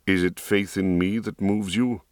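A man's voice: steady tone, no echo, clean studio sound. A man reading as a grave old-souled wizard. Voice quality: low, grave and measured. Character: grave, wise middle-aged male mage. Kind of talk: audiobook reading.

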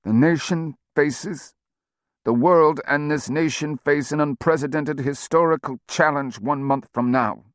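A man voicing a badly wounded older male president with a gravelly, nasal voice, speaking slowly through clenched teeth. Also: fairly high pitch, no room sound, studio quality, voice pushed up, lightly acted. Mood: grim, defiant.

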